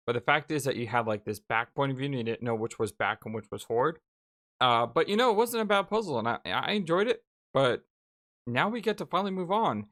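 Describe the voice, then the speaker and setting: A man's voice: medium pitch, lively intonation, fairly quick, a bit bright. A man hosting a let's play, giving casual, rambling gameplay commentary with many fillers.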